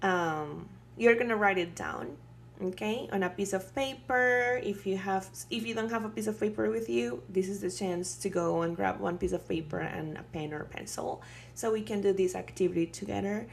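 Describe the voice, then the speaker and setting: A woman teaching a beginner language lesson, patient and explanatory, checking in with "right?" and pausing on fillers. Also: mid-range voice, gravelly. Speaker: Spanish teacher.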